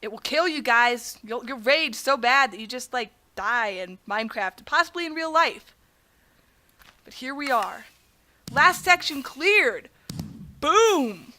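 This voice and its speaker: Her voice is on the high side, expressive, pushed, and bright, and she speaks at a moderate pace. She is a young woman running a gaming channel let's play, talking to her viewers as "guys" while she narrates her play with theatrical, self-deprecating complaints.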